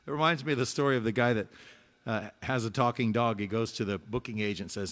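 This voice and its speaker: A man hosting a relaxed music show from his small home studio, chatting and telling jokes between songs. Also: lowish voice, fast talker. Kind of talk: casual live-stream chat and song.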